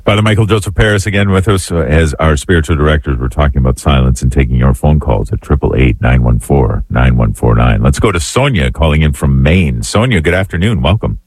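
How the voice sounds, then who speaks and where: A man's voice: extremely low pitch, expressive, fairly quick, few pauses, darkish tone, slightly rough, dry recording. A man hosting a religious call-in radio show, introducing the guest and callers and giving short affirmations. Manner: brief affirming responses. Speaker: radio host. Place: radio studio.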